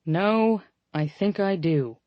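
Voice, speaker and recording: A woman narrator voicing a driven, reserved young man in an audiobook, with a lower, dry, understated delivery. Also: takes it slowly, dry recording. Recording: slightly dull lo-fi audio.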